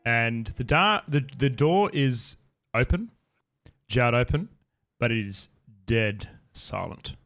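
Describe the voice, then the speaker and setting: A man's voice: mid-range voice, lively intonation, slow, fairly bright tone. A man running a tabletop game as game master, narrating casually with loose restarts.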